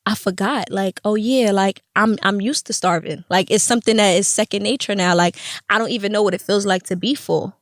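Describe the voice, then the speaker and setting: A young woman hosting a podcast, telling her story in a casual, animated and profane way, often acting out the voices of others. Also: mid-range voice, fairly quick, no room sound. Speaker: podcast host.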